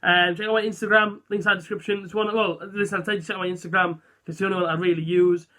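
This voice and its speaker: A young man chatting casually to camera, rambling and self-deprecating with lots of fillers. His voice is high and bright. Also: little pitch movement, rapid-fire. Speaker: vlogger. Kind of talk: casual vlog chat.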